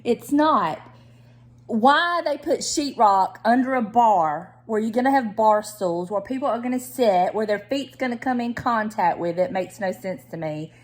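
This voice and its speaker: A woman with a warm Southern drawl chats to her camera at home. She keeps it loose and teasing, with a laugh never far away. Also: fairly high pitch, lively intonation, measured pace. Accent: Southern American. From Southern United States. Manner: chatty and teasing, laughs often. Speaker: lifestyle vlogger. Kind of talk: casual chat to camera.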